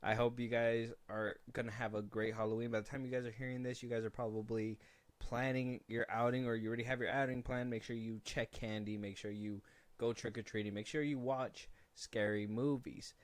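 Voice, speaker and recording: A man hosting a film podcast, talking casually in a middle-pitched voice. He jokes and rambles, restarting his sentences as he goes. The sound is dry and close to the mic. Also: level tone, brisk, no room sound. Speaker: podcast host.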